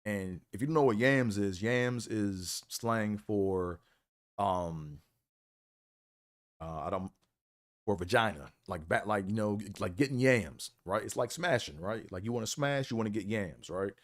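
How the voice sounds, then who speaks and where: A man hosting a live stream tells college stories in a relaxed way, frequently saying "man" and "you know." His voice is lowish and his pace measured.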